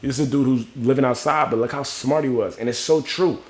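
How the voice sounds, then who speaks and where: A man's voice: medium pitch, fairly quick. Chatty young man hosting a livestream. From Miami. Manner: loose, talkative, frequent "you know what I'm saying"; greets viewers by name while talking. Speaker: livestream host. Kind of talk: casual livestream chat.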